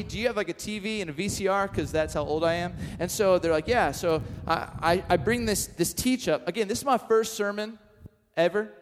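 A middle-aged pastor delivers his sermon in a notably high voice, carrying the listener through a story with animated energy. He keeps tossing in asides that poke fun at himself. His words ring out with a long reverb off the walls of a large hall. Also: slight background noise.

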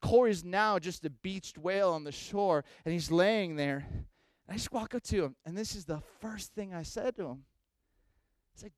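Animated high-voiced man preaching. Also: normal speed, no echo. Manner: animated storyteller, swings between loud bursts and hushed asides. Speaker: pastor. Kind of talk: sermon with storytelling.

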